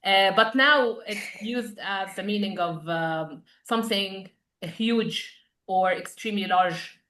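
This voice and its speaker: A woman teaching an English vocabulary class, patient and quick with praise as she explains words. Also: medium pitch, fairly bright tone, roomy sound.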